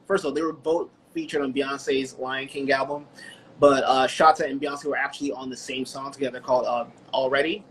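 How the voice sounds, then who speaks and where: Casting: male podcast co-host, mid-pitched, rambling recap style, faint background noise. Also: fairly even intonation, a little fast, a bit bright, low-quality recording. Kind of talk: casual chat.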